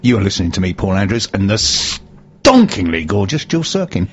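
A man's voice: fairly low pitch, big pitch swings, moderate pace, muffled recording. A man hosting a local business radio show, joking casually and stumbling over his words. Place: radio studio.

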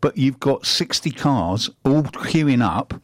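A man's voice: medium pitch, lively intonation, slow pace, no echo. A man, middle-aged, co-hosting a radio chat with an emphatic, argumentative, lecturing manner. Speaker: radio co-host.

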